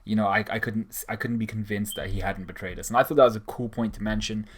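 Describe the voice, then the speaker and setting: A man's voice: fairly low pitch, steady tone, fast talker. A man giving a casual, sarcastic manga chapter review, swearing freely and acting out the characters' lines.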